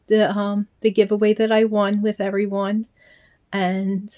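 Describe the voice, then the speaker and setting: A woman's voice: medium pitch, warm tone. An older grandmother chatting casually to viewers, gushing and heartfelt, with frequent ums, filmed on a handheld phone in her small room at home. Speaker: reborn doll collector vlogger. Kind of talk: casual chat to camera.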